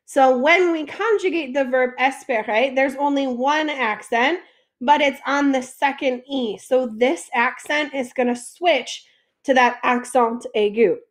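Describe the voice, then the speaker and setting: A woman French teacher explains a classroom lesson in a high voice, unhurried and patient as she talks through each step. She asks questions and then answers them herself.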